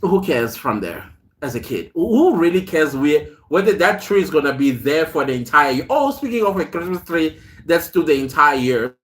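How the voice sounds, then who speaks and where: A man's voice: on the high side, big pitch swings, moderate pace, a bit bright. A man hosting a casual live stream, greeting viewers by name, reading their comments aloud and telling chatty stories with frequent laughs. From South Africa. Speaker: host.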